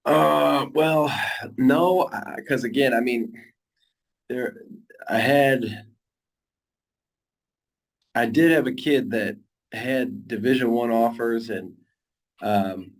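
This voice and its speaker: A man who coaches high school football, talking earnestly in a casual interview, rambling with frequent restarts. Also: slow pace, vocal fry, long pauses.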